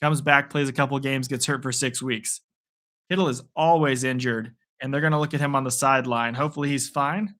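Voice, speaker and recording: A man's voice: medium pitch, steady tone, brisk, a bit bright. A man hosting a live play-by-play reaction stream, playful and rambling between calls. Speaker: sports stream host.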